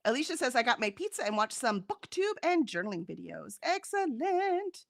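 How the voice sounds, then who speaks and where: A woman co-hosting a reading stream in casual chat, reading out viewer comments with animated, laughing energy. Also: a little high, fairly quick, creaky, no room sound, studio quality. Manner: animated, chatty, laughs often. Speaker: co-host of a reading sprint stream.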